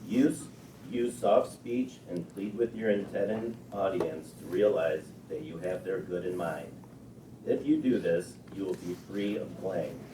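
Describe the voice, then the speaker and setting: A man in a class reading a text aloud in a steady, careful way. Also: low-pitched, unhurried. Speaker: class participant. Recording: distant and roomy, with background noise.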